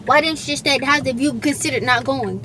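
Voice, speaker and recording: A woman's voice: high voice, quick pace, sharp tone. A young woman, confronting her partner in a heated argument inside a car. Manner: confrontational, repeating demands. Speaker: vlogger in a prank video. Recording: noisy in-car phone recording.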